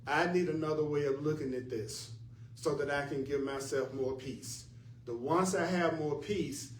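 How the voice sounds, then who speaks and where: A man's voice: on the high side, a little hiss or hum. A man teaching a spiritual class in an earnest, emphatic way, often repeating his points. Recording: echoey room from far off, faint ambience.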